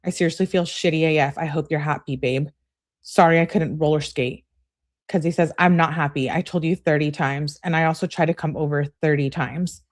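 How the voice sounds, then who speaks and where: Low-voiced woman narrating true crime. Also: darkish tone. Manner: reads messages in a brisk running relay of who-said-what; blunt, conversational asides. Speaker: true crime channel host. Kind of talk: true crime commentary, reading text messages aloud.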